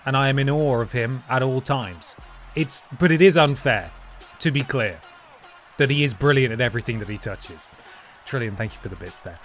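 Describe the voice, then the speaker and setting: A man's voice: medium pitch, a bit bright. A man hosting a live stream, chatting casually and thanking viewers one by one by name, often trailing off and restarting mid-sentence. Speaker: livestream host.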